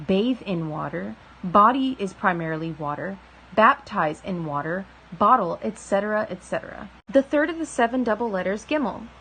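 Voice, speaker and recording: Soft-spoken woman reading slowly. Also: medium pitch, slight background noise, low-quality recording. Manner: soft, slow and deliberate, drawing out key words. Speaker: reader of a spiritual text. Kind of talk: reading a religious book aloud.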